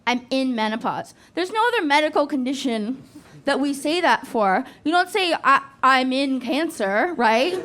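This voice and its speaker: A woman's voice: sits high, animated, moderate pace. A woman in her forties performing a stand-up set, profane and self-deprecating, laughing at her own jokes. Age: 40s. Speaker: stand-up comedian. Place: comedy club stage. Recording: live club with loud audience laughter.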